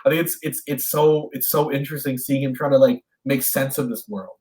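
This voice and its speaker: A man in his thirties from Canada, talking as a guest in a relaxed interview. He tells animated stories and acts out other people's lines as he goes. He often trips over his words and restarts a sentence mid-thought, at a middling pitch. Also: a little fast, poor audio. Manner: animated storyteller, acts out voices in anecdotes; stammering restarts when thinking aloud. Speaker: actor and guest. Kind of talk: casual video interview.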